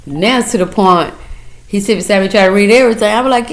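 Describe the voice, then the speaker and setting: A woman's voice: mid-range voice, fairly quick. A woman talking casually and earnestly to her viewers about her faith, emotional and close to tears as she encourages them. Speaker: mother giving a testimony. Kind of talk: casual faith testimony vlog.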